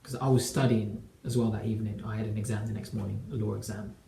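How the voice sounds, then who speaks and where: A young man in his twenties tells a personal story with earnest emphasis, acting out bits of dialogue. His voice is warm and mellow with a gravelly edge. The sound bounces around an echoey room. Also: on the low side, level tone, quick pace, a little hiss or hum. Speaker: relationship coach.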